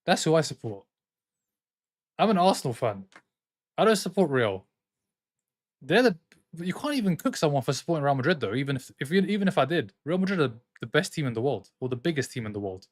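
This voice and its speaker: Brief: male streamer, slightly high voice, excitable live football reaction, trades banter with chat. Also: brisk, pauses often. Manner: excitable, jumps between commentary and arguing with chat. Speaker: streamer hosting a football watchalong.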